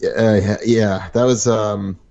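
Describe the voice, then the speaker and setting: A man's voice: lowish voice, steady tone, a little slow, creaky, lo-fi sound, a crowd in the background. A man chatting as a guest on a podcast, laid-back and amused, often giving short agreeing replies. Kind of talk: casual podcast chat.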